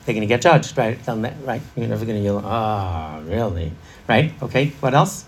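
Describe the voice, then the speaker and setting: A man's voice: medium pitch, quick pace, a little hiss or hum. A middle-aged man leading an interactive parenting workshop, chatty and laughing, quizzing a live audience.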